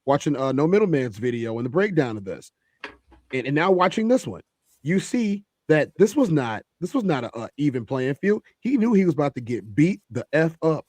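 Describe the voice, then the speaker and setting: A man leads a heated panel discussion. His voice sits a little high, and he talks emphatically, repeating phrases for stress. The sound is dry and close, with no room echo. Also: very animated, fairly quick, a little mellow.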